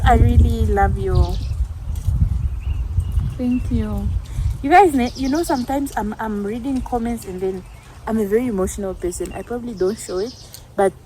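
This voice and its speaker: A woman's voice: a little high, warm tone, a little hiss or hum. A young woman from Namibia talking casually in a vlog, earnest and reflective, often laughing at herself. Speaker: YouTuber.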